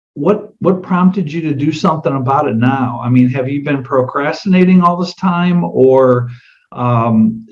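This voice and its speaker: A man's voice: mid-range voice, darkish tone, highs cut off. A middle-aged man, an insurance agent, demonstrating a client sales meeting in a conversational way, asking many direct questions.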